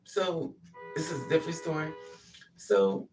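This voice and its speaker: A woman's voice: low-pitched, a little slow, faint music behind. A woman telling a personal story in a casual monologue, animatedly acting out what others said. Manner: animated, acts out quotes. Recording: distant mic with faint noise.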